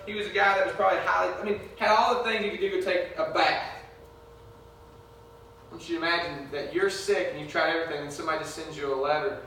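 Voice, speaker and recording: High-voiced preacher in an echoey church. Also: male voice, a bit bright, a little hiss or hum. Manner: conversational preaching, acting out biblical characters' speech. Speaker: pastor. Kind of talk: sermon. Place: church sanctuary. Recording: echoey sanctuary, mic from a distance.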